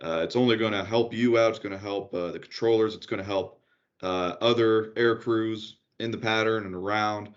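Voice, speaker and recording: A man's voice: lowish voice, fairly even intonation, moderate pace, lo-fi sound. A man giving earnest, emphatic advice in an interview, often restarting his sentences. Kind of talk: casual interview remarks.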